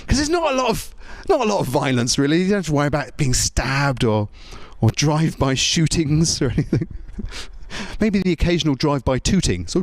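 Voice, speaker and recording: A male stand-up comedian with a very lively, bouncing pitch, working the crowd with tag questions and stammered restarts. His voice sounds dry and close, with little room to it. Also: a little fast, no echo.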